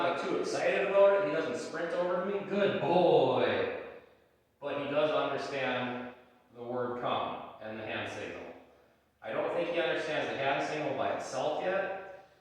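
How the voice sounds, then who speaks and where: A man's voice: fairly high pitch, a little slow. A man explaining dog training in a casual how-to video, giving short commands between explanations. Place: garage. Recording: echoey garage from far off.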